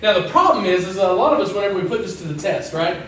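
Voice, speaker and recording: A man's voice: high voice, expressive, racing, a bit bright. A man giving a casual, jokey sermon, acting out the people in his stories. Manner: chatty and jokey, acts out voices in stories. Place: church. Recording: distant mic in an echoey church hall with faint noise.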